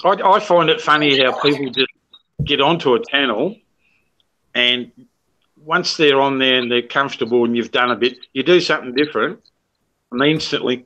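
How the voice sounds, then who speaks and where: An Australian man in his sixties with a bright, forward voice, talking casually over a video call. He is blunt, swears freely and calls everyone mate. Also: medium pitch, normal speed, dull audio. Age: 60s. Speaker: guest on a live stream. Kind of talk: casual chat.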